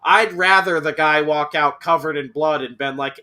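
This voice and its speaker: A man's voice: a little high, normal speed, bright, forceful tone. Man ranting in profane banter. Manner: profane, joking, does mocking voices. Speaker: podcast host. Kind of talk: casual chat.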